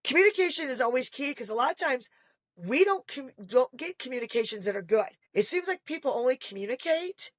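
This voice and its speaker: Brisk and high-pitched, this middle-aged woman joins a podcast as a guest parent and talks animatedly, acting out quoted voices as she tells stories. The conversation is casual and the recording has no echo.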